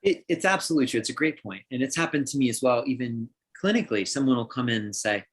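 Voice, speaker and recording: A man's voice: mid-range voice, lively intonation, fast talker, slightly rough. A middle-aged man on a livestream answers questions as a counselor. He is thoughtful and often restarts his sentences. He acts out examples of how people talk. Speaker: counselor guest.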